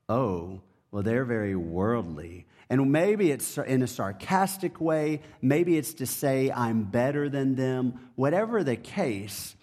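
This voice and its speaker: Slow, measured male preacher. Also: mid-range voice, darkish tone. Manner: measured, halting delivery with frequent fillers. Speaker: pastor. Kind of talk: sermon with scripture reading.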